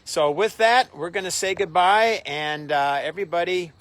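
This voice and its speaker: This master gardener from Minnesota co-hosts a garden show outdoors, keeping the educational talk casual, friendly and relaxed. He has a high, slightly bright voice at a normal pace, and the recording is dry.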